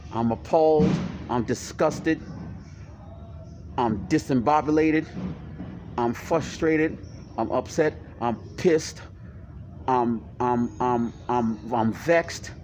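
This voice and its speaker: A man ranting angrily in a vlog, profane, loud and repetitive. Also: a little high, a little hiss or hum. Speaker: toy vlogger.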